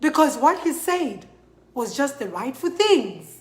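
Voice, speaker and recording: An angry Zambian woman speaks to her followers in a high voice, slowly and emphatically, repeating herself and slipping into a local language. The sound is roomy and echoey. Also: very animated. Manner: emphatic, repetitive, switching between English and a local language. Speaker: model addressing followers. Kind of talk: impassioned vlog to camera.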